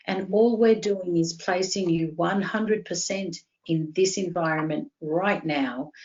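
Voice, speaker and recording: Calm Australian woman psychologist, muffled audio. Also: fairly low pitch. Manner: steady, reassuring, guiding step by step. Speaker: counselling psychologist. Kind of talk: calm explanatory interview talk.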